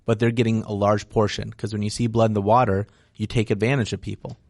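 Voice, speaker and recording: Brief: man, lowish voice, dry close sound, frank investor guest explaining deals in a casual interview. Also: level tone, fast, dry recording. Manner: frank, explanatory, peppered with "right?". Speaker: real estate investor guest.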